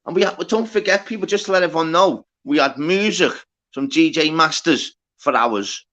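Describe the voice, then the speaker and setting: A man's voice: on the high side, expressive, normal speed, fairly bright tone. A man hosting a live stream, rambling and repeating himself in casual chat.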